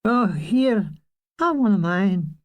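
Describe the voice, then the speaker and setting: A man's voice: high voice, lively intonation, slow pace. Man putting on a flirty Scottish lass. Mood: friendly. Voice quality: broad lilting brogue.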